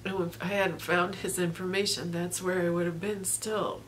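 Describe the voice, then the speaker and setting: A woman's voice: lowish voice, little pitch movement, normal speed, slight background noise. Tearful, grateful woman vlogger laughing through it. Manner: rambling with many fillers. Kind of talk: personal video diary.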